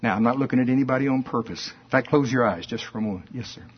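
A man preaching a folksy, animated sermon that rises to shouts at its peaks. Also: medium pitch, rapid-fire, a little hiss or hum. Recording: dull lo-fi recording.

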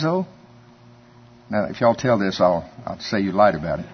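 Husky preacher, folksy storytelling. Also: male voice, mid-range voice. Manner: conversational storytelling, chuckles often. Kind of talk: folksy sermon. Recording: dull lo-fi sermon recording.

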